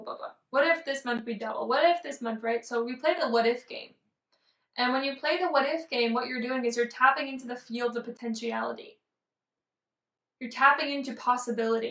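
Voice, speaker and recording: A woman's voice: on the high side, a bit bright, roomy sound, recorded from a distance, poor audio. A woman vlogging casually to camera from a room at home, bubbly and exclamatory as a business coach. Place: room in a house. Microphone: camera on tripod.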